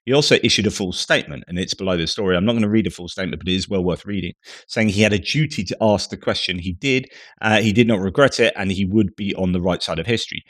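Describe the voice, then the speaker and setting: A man's voice: low voice, fast, a bit bright, no echo, studio quality. A man commenting on the news, reading quotes and then discussing them in a loose, conversational way. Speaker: geopolitics commentator.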